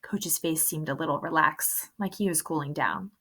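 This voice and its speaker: A woman's voice: deep voice, normal speed, bright, forceful tone, husky. A woman reading a first-person novel aloud in an earnest, emotional storytelling manner. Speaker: audiobook narrator.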